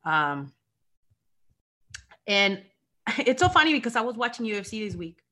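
A woman's voice: medium pitch, big pitch swings, moderate pace, bright, forceful tone. A woman from Mexico with a Mexican accent, a wrestling champion speaking with passion in an interview, often repeating herself.

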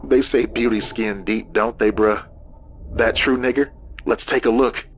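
A man's voice: medium pitch, fairly even intonation, a little slow, a little hiss or hum, lightly acted. A man voicing a menacing, possessed man who taunts and sneers, in a horror audiobook. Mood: sneering.

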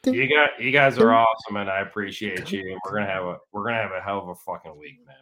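Low-voiced man, profane and teasing. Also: fairly even intonation, fast, pushed and bright. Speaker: fan club guest. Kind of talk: casual banter.

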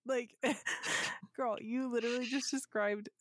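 A woman's voice: fairly high pitch, fairly even intonation, slow pace, fairly bright tone, no room sound, studio quality. A woman co-hosting a podcast, reading listener ghost stories aloud and cracking jokes, laughing often and swearing casually. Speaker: podcast co-host.

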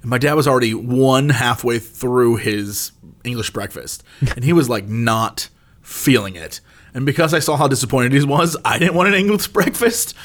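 A man in casual chat, telling a funny family story and jumping up high when quoting himself. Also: normal speed, fairly bright tone.

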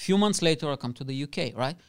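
A man in his thirties from Bulgaria with a Bulgarian accent, a podcast guest telling animated stories in casual chat. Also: on the high side, racing. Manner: animated storyteller, acts out scenes. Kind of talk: casual storytelling.

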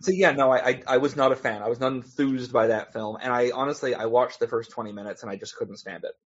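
A man's voice: mid-range voice, fairly even intonation, fast, noisy background. A man, a comic author on a podcast as a guest, telling rambling anecdotes in a casual chat and laughing between restarts. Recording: dull lo-fi podcast audio.

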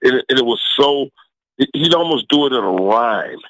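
A middle-aged man, a former football player, telling stories as a guest, lively and laughing with stammered restarts. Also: mid-range voice, normal speed, dry recording, lo-fi sound. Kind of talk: animated storytelling.

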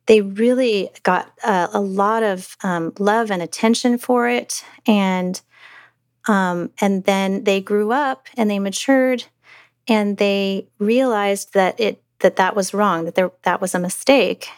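A middle-aged woman telling a personal story as a mother in an interview, halting with many restarts and fillers. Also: mid-range voice, no room sound, studio quality.

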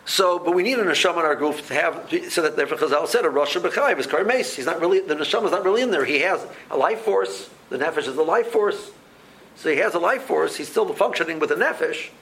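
A man teaching a Talmud class, speaking in a halting way with many restarts and repeated words. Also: on the high side, expressive, a bit bright, a little hiss or hum, low-quality recording. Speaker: Torah teacher.

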